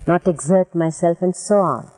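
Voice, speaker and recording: A woman from India, interviewed for an oral history, telling her memories in a gentle, measured way that repeats phrases. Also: fairly low pitch, no echo, rough recording.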